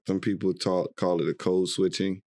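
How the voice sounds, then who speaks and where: A man hosts a casual podcast, quizzing his guest with playful curiosity. His voice is on the low side and lively in mood, often breaking into laughter. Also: normal speed. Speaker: podcast host.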